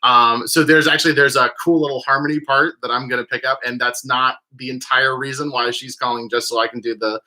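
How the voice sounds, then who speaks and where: A man's voice: medium pitch, flat delivery, brisk, hardly any pauses, sharp tone. A young man hosting a casual video, joking and rambling. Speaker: host. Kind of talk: casual chat.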